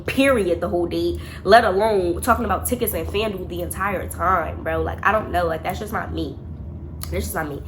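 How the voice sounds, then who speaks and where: A young woman vlogger telling a dating story in casual chat, animated and profane, talking to her viewers as y'all. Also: mid-range voice, slight background noise.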